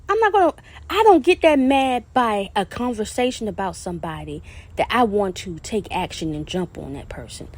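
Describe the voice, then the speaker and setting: High-voiced, profane woman ranting. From South Carolina. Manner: profane, confrontational, insulting. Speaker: podcast host. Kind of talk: angry solo podcast rant.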